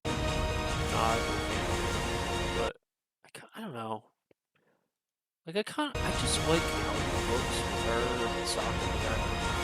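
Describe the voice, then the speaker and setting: Faint music plays behind a young man's medium-pitched voice as he reacts to a trailer for his video. He speaks at a measured pace with long pauses, sounds congested, rambles and swears plenty, and shifts from filler-heavy hesitation to bursts of excitement in his casual commentary.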